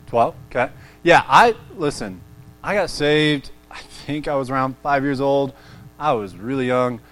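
A man's voice: medium pitch, fairly bright tone. A man around thirty giving a casual, chatty sermon to a youth group, easily sidetracked and self-deprecating, often asking the room questions. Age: 30s.

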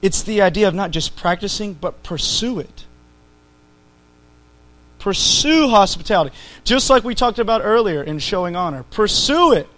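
A man's voice: sits high, animated, moderate pace, fairly bright tone, rough recording. A man preaching a conversational sermon to his church, rising to emphatic peaks.

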